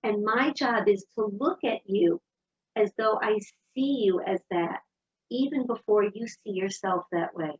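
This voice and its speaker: A woman giving an inspirational talk, telling personal stories in a lively storytelling manner. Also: medium pitch, unhurried, slightly rough, lo-fi sound. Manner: storytelling, warm and animated. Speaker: speaker.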